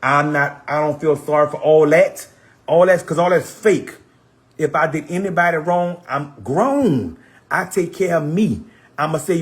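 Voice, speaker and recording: Husky-voiced man in a heated rant. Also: fairly high pitch, a little slow. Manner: repetitive, blunt, profane. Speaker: social media personality.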